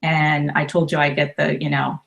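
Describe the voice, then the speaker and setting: A woman in her fifties, a life coach and author, talking warmly and emotionally in a casual interview, with many restarts. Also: low voice, little pitch movement, moderate pace, creaky.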